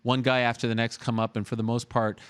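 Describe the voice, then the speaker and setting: A man's voice: mid-range voice, flat delivery, quick pace, clean tone. A man hosting a talk show, chatting casually and eagerly with fillers and restarts. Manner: chatty, upbeat, lots of fillers. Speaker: host.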